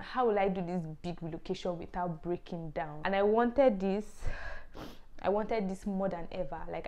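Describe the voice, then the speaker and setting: A woman's voice: medium pitch, a little mellow. Young woman vlogging her story, earnest and emotional, lots of likes and ums. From Nigeria. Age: young adult. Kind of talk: personal testimony vlog.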